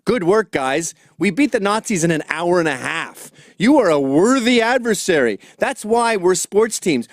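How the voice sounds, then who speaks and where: A man's voice: high voice, very animated, normal speed, hardly any pauses, no echo, clean studio sound. A man delivering a sarcastic, mocking comic rant straight to camera as a commentator.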